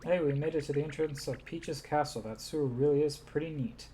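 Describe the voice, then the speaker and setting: A woman's voice: sits low, fairly quick, warm tone, slight background noise, natural voice. A woman voicing a cheerful, earnest female game companion as she reads dialogue aloud on stream.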